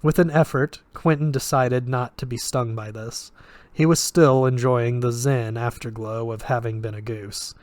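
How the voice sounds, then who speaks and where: A man's voice: mid-range voice, steady tone, normal speed, a little mellow, no room sound. A man reading a novel aloud in a plain way, with occasional slips that he corrects. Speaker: audiobook reader.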